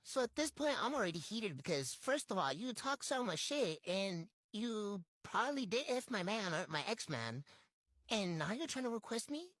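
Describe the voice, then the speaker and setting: A woman's voice: mid-range voice, sing-song, normal speed, fairly bright tone, no echo. A young woman from tells a get-ready-with-me storytime into her phone, blunt, slangy and swearing freely. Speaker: storytime vlogger.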